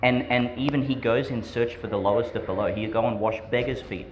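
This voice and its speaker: A man's voice: medium pitch, fairly quick, a little hiss or hum. A man, a priest giving a homily to schoolchildren in a chatty, questioning way that often breaks into laughs. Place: school church service.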